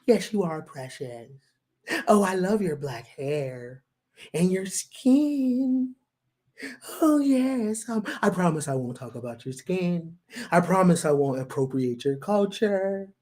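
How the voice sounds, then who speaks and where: A man's voice: sits high, lively intonation, slow, dark tone. A man voicing a doting man who coos soothing promises as if to a baby. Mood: cooing. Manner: cooing, soothing. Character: doting man cooing over someone like a baby.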